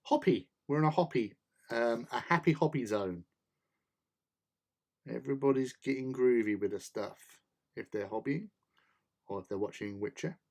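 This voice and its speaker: A man's voice: mid-range voice, moderate pace, pauses often, a little mellow. Chatty man hosting a hobby stream. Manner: chatty, reads out and answers chat, jokey asides. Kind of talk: casual chat while building models.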